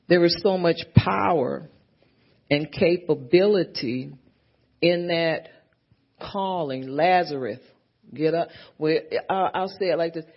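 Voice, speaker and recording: Slow-preaching woman on a dull recording. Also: low voice. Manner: preaching with frequent amens and hallelujahs; repeats and builds phrases. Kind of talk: sermon.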